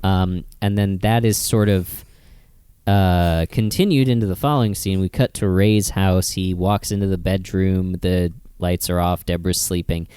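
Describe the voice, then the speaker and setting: Man, podcast co-host; low, smooth voice, deadpan recap delivery. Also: moderate pace, no room sound. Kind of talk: casual comedic podcast chat.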